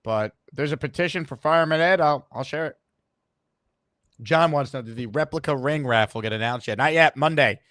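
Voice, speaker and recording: A man's voice: on the high side, a bit bright, no room sound, studio quality. Upbeat male call-in host. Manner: quick, upbeat, repeats words. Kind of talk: call-in sports show.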